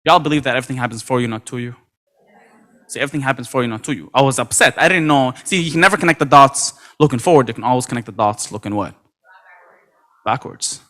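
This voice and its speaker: A man giving an energetic motivational talk at a convention, acting out quoted dialogue with lots of repetition. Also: mid-range voice, quick pace. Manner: animated, acts out quoted dialogue, many repetitions. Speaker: motivational speaker. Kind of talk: energetic storytelling speech. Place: convention stage.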